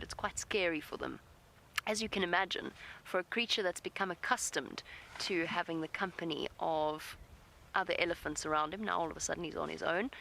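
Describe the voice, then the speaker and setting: This woman guides a safari with quiet, gentle live commentary outdoors, addressing nearby animals softly from her vehicle and responding to viewers. Her pitch is fairly low, and the poor audio carries slight background noise.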